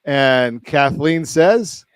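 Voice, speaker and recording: A man's voice: on the high side, animated, drawn-out words, clean tone, dry recording. A man hosting a radio talk show, rambling and correcting himself as he jokes with his guest. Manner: rambling, self-correcting, joking. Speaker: radio host. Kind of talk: casual radio chat.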